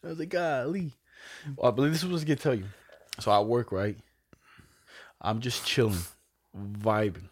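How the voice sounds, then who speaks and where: A young man casually telling stories with a lot of swearing, his voice jumping high whenever he quotes someone. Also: normal speed, pauses often, a little hiss or hum. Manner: animated, swearing, jumps way up in pitch when quoting people. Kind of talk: casual storytelling chat.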